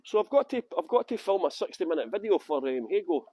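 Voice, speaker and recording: A man's voice: high voice, very animated, quick pace, mellow, no room sound. A man from West Yorkshire working as a tour guide, chatting and joking with viewers by name on a live-streamed walking tour outdoors on city streets. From Halifax, West Yorkshire, England.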